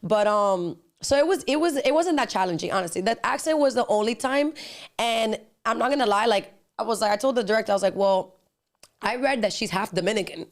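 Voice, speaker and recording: A woman's voice: on the high side, lively intonation. A woman guest, an actress and singer, chatting casually in an interview, full of "like" and dropping Spanish phrases. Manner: fast, chatty, peppered with "like", drops Spanish phrases.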